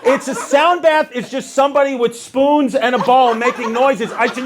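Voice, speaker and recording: A man doing a stand-up set on a comedy club stage, telling stories in an animated, exasperated way. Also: very high-pitched, normal speed, background noise. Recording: live stage with crowd laughter.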